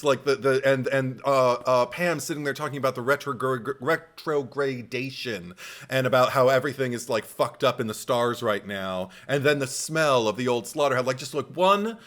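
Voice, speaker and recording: A man's voice: medium pitch, normal speed, a bit bright. A man co-hosting a podcast in casual chat, enthusiastic and rambling, swearing freely and laughing often. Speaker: podcast co-host.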